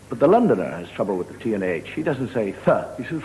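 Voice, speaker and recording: A man's voice: big pitch swings, fast, hardly any pauses. A middle-aged man with an Irish accent, telling stand-up stories with wry, lilting timing. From Ireland. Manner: lilting, wry, rising pitch in the punchlines. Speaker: stand-up comedian. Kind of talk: stand-up storytelling. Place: television studio with audience. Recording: noisy 1970s TV broadcast.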